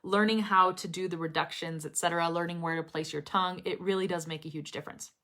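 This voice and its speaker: A young woman teaching English pronunciation, talking to her students in a live stream. She speaks very clearly and expressively and laughs often. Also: lowish voice, steady tone, quick pace, sharp tone.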